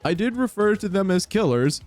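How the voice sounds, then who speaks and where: A man's voice: lively intonation, a little fast, darkish tone, soft background music. Giggly man streaming a dating game. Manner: playful, giggly, jumps into high-pitched bursts. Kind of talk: reading a dating game aloud and reacting.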